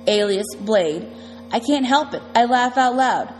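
A woman's voice: medium pitch, moderate pace, a little mellow, in a large hall, soft background music, rough recording. A woman reading a novel aloud in the first person, in a casual, slangy storytelling manner. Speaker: audiobook narrator.

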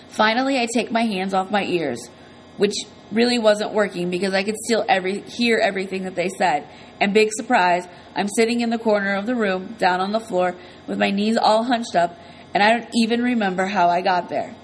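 A woman's voice: medium pitch, brisk, rough recording. Brief: woman narrator, first-person audiobook, earnest conversational storytelling, mid-range voice.

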